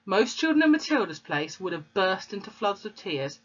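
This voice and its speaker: A woman's voice: mid-range voice, sing-song, moderate pace. A woman reading a storybook aloud to children and explaining the pictures and words as she goes. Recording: dull lo-fi recording.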